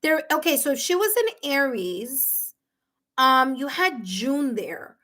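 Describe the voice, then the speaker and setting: A woman reading tarot live for her viewers, talking warmly and emotionally, with many fillers and restarts. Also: high-pitched, very animated, slow. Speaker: tarot reader and medium. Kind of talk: live-stream reading, casual chat with viewers.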